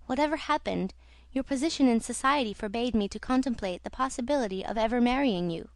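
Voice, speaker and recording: A woman's voice: fairly high pitch, no room sound, lightly acted. A woman reading a young female opera singer, earnest and confiding. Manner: soft, confiding storytelling. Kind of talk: audiobook reading.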